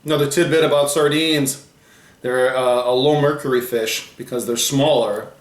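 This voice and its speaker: A man's voice: mid-range voice, steady tone, moderate pace, roomy sound. A man hosting a food tasting video in casual chat, explaining facts he reads off the packaging. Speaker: host of a food challenge channel.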